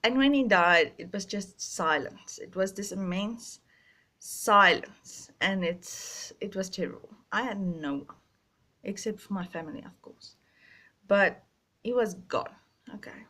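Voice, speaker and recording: Young woman, slow and halting, a bit stuffy-nosed, confessional vlog storytelling. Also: mid-range voice, expressive, fairly bright tone. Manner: halting, emotional, many restarts and pauses. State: stuffy, sinus. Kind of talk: personal storytelling to camera.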